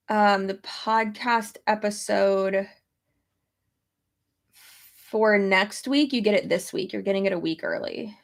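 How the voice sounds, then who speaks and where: A woman's voice: mid-range voice, gravelly. A young pregnant woman chatting casually on a stream, thinking aloud and swearing now and then. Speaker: YouTuber. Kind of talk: casual chat reading stream comments.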